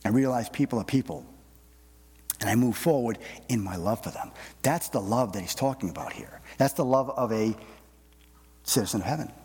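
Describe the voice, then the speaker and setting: A middle-aged pastor speaks in a husky voice, telling homey stories from his pulpit in an easy, self-deprecating way. His words ring out with a long echo through a large church hall. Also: medium pitch, expressive, normal speed, a little mellow. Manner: folksy, self-deprecating, repeats words as he goes. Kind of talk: conversational sermon. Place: church sanctuary.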